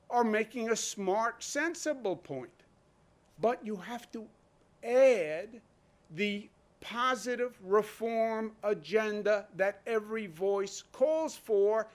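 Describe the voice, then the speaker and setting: A man giving an emphatic, rhetorical speech at a press briefing as a state governor. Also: high-pitched. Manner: emphatic, rhetorical, quotes imagined voices.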